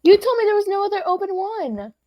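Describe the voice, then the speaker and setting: A woman at a tabletop game teases and pushes the game master in casual banter. Her voice is high. The sound is dry and a little dull, as if from a modest mic. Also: sing-song, fast, dry recording. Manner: teasing, pushy banter. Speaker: player.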